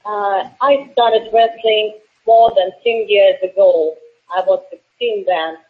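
A woman in her late twenties from Russia with a Russian accent, a wrestler answering interview questions earnestly with halting fillers, heard over a tinny phone line. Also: mid-range voice. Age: late 20s. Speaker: professional wrestler guest.

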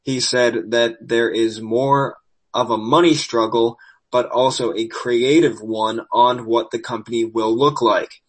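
A man's voice: medium pitch, steady tone, a little slow, breathy edge, low-quality recording. A man hosting a podcast, reading wrestling news with sarcastic asides, losing his voice. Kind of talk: casual news commentary.

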